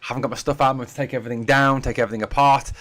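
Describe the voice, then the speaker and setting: A man with a northeast English accent talks through a live football watch-along from his home streaming setup. His pitch is mid-range for a man, and he keeps up a chatty, casual patter, calling his viewers mate and guys between comments. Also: steady tone, rapid-fire, fairly bright tone. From Durham, northeast England. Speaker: football fan channel host. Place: home room being packed up for a move.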